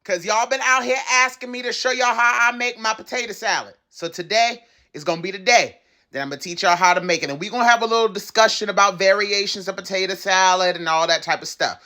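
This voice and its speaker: A young man walks viewers through his recipe in a casual, emphatic style. His voice sits a little high and rings bright and forceful as he hammers home his points. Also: fast talker. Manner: lively, emphatic, talks straight to viewers. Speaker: cooking channel host. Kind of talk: casual cooking tutorial.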